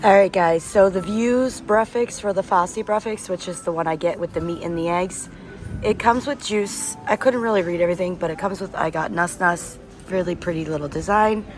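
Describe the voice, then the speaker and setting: On the move outdoors and in cafes, a travel vlogger chats casually and enthusiastically to camera about food and places. Her voice is on the low side, normal in speed with few pauses, over soft background music and street and traffic noise.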